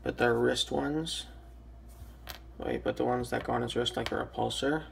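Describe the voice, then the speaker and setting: A young man with a raspy, just-woken-up voice, casually reviewing a toy with lots of ums and restarts. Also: mid-range voice, fairly even intonation, moderate pace, a little hiss or hum. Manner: hesitant, many ums and restarts.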